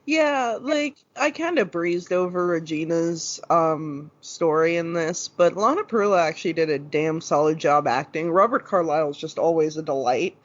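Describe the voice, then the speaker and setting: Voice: mid-range voice, normal speed, few pauses. A podcast co-host chatting casually and enthusiastically about a TV episode, swearing freely. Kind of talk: casual chat reviewing a TV episode. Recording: dull lo-fi recording.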